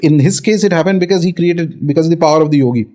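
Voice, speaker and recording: Man telling a story, mellow voice. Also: a little high, very fast. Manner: conversational, many fillers, mixes in Hindi phrases. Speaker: podcast guest storyteller. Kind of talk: casual spoken storytelling.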